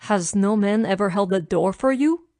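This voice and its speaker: A woman voicing a protective, commanding billionaire man in his thirties, speaking low, steady and insistent for an audiobook. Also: normal speed, dry recording, clean studio sound, natural voice.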